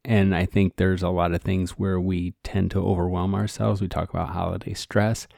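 A man co-hosts a casual podcast, chatty and earnest as he talks straight to his listeners. His voice is very deep, dark and gravelly. It is recorded dry and close. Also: little pitch movement, normal speed, no echo. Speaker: podcast co-host.

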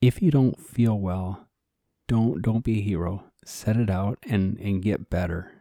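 A man's voice: fairly low pitch, a little slow, warm tone, no echo, studio quality. A man co-hosting a casual podcast, chatty and earnest, talking straight to his listeners. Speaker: podcast co-host.

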